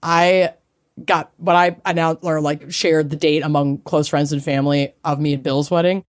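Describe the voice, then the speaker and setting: Woman, podcast co-host, playful rambling chat, lowish voice, dry sound. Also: fairly even intonation, moderate pace, no echo. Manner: chatty, playful, rambling stories. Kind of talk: casual chat.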